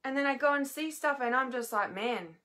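A woman's voice: high-pitched, steady tone, fast, sharp tone. A tired, emotionally worn woman, speaking from bed at home in a raw, unscripted monologue. She swears freely and often trails off and restarts. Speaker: healer and mentor vlogger.

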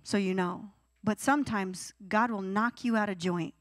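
Here a young woman serving as youth pastor gives a sermon to teens, animatedly mimicking their whiny pleas. The pitch is medium, the pace moderate, and the audio has no echo.

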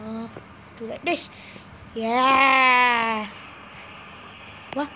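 A woman hosting a gaming video, commenting in a halting, simple way, easily spooked and often calling out to her viewers. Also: fairly high pitch, sharp tone, a little hiss or hum. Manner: halting, simple phrasing, often calls out to "guys". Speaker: gaming channel host. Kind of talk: let's-play commentary. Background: game music.

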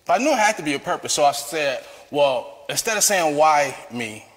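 A man giving a personal testimony as a guest, an animated talker who laughs often. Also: a little high, fairly quick, big-room sound. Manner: lively, laughs often, calls himself a talker.

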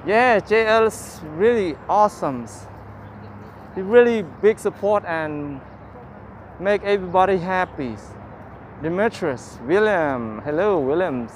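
Male livestream host, high voice, slow and chatty, broken English, outdoors with light street noise. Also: expressive. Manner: cheerful, chatty, thanks viewers by name. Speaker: livestream walking-tour host. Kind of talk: casual live-stream chat. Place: outdoors in a city park by the waterfront.

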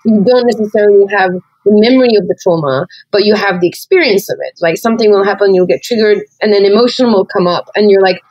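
A woman's voice: mid-range voice, quick pace, hardly any pauses, darkish tone, no room sound. Woman podcast co-host, candid, meandering with fillers; muffled, close and dry. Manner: rambling, many "like" fillers, reflective. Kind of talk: candid conversational chat.

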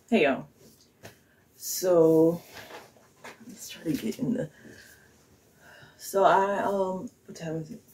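A woman's voice: fairly low pitch, extremely slow, pauses often, a little mellow, low-quality recording. A woman chatting casually to her viewers in her home kitchen, rambling as she thinks aloud and chuckling often. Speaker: vlogger. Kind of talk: casual vlog chat to viewers.

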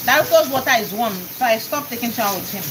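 A woman's voice: a little high, expressive, fast, noisy background. A woman with a Nigerian accent chatting casually on a live stream while she cooks, often laughing and calling out greetings to her viewers.

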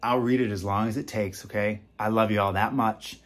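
A man in his fifties hosting a casual talk to camera, animated and teasing, dropping from loud bursts to a hush. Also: on the low side, brisk. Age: 50s. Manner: animated, swinging between loud and hushed, teasing. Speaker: self-help author and host.

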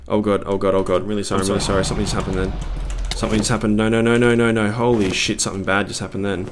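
Excitable man gaming. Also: fairly low pitch, racing, background noise. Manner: excitable, swings between panic and cheering. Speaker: gaming video creator. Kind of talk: live gameplay commentary.

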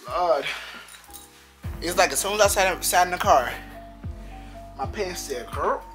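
A young man chatting casually to camera in a slangy, loose vlog manner, jumping up in pitch now and then. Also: lively intonation, moderate pace. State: out of breath. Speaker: vlogger. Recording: roomy sound with loud music underneath.

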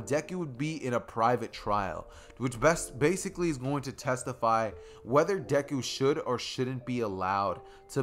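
A man's voice: medium pitch, a bit bright. A young man narrating a fan story in a casual, rambling storytelling style with repetitive phrasing. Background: faint music.

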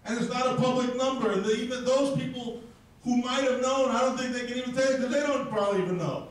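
A man's voice: very high voice, fast talker. A man giving a combative, profane, ranting speech to a live audience at an event. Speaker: speaker at a crypto event. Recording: very echoey, distant mic in a hall.

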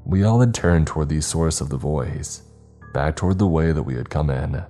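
A man with an extremely deep, dark, mellow voice narrating a horror story. His delivery is measured and somber, with faint music playing behind him.

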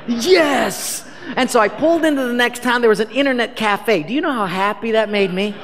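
A man preaching as a pastor, telling a story with animated, self-mocking humor and acting out the dialogue. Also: very high-pitched, a little fast. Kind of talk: storytelling sermon. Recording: reverberant hall.

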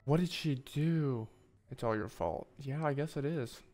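A young man giving live gameplay commentary, loud, jokey and profane in his reactions. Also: mid-range voice, unhurried, slight background noise. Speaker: streamer.

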